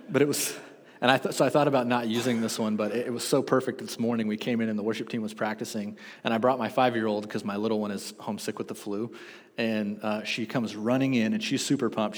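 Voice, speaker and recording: A man in his thirties preaching a sermon, telling stories with lively self-deprecating asides. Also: on the low side, fairly quick. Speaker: pastor. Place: church sanctuary. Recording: long reverb of a church hall.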